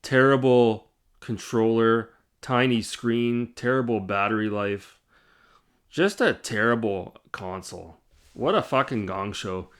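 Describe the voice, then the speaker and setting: A man's voice: medium pitch, slow pace, smooth. A man in a mid-range voice chats to camera on his gaming channel. He rambles, restarts his sentences and gives blunt, profane opinions. He laughs at himself as he goes. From Canada. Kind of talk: casual vlog chat. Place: indoors, side-lit room.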